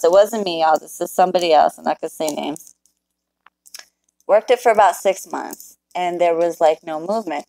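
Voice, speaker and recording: A woman with a lowish, darkish voice and vocal fry casually tells her viewers a story about a client from her spiritual work. She's profane and blunt, talking directly to the live chat, on a rough recording.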